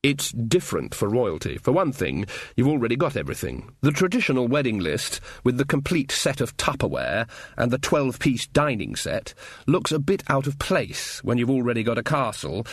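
A man's voice: mid-range voice, very animated, normal speed, slightly rough, no echo. A man narrating an audiobook with a dry, wry storytelling manner. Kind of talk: scripted narration.

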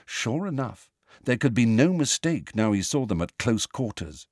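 Male narrator, audiobook reading, expressive, lively rise and fall, dry close sound. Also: medium pitch, normal speed, husky, no room sound.

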